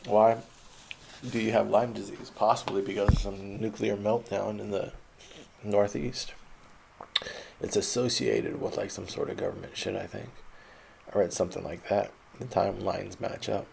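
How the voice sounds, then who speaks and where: A man's voice: fairly low pitch, little pitch movement, moderate pace, creaky, darkish tone, a little hiss or hum. A young man telling a rambling, profane personal story in a laid-back, meandering way. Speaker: autobiographical podcaster.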